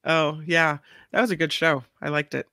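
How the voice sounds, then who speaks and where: A woman's voice: sits low, steady tone, moderate pace, sharp tone, dry recording, studio quality. Chatty woman co-hosting celebrity news. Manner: chatty, lots of fillers. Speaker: co-host. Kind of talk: casual celebrity news chat.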